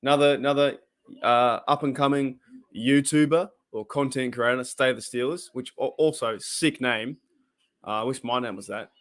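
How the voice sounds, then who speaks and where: Speaking at a normal speed in a medium pitch, an Australian man runs a casual football reaction stream. His commentary wanders between tangents and excited calls of the action.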